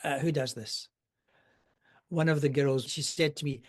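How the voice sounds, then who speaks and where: A man's voice: fairly high pitch, steady tone, measured pace, long pauses. An older man, a podcast guest telling rambling, wry anecdotes with asides. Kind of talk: casual storytelling.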